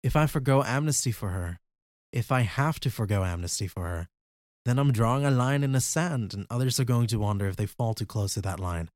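A man's voice: medium pitch, animated, brisk, a little mellow, no room sound, clean studio sound, close to an everyday voice. A man voicing an earnest armored male hero who presses a therapist for time, in an audiobook. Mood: urgent.

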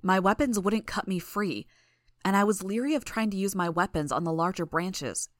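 A woman narrating a first-person story in a measured, tense way. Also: mid-range voice, dry recording, clean studio sound.

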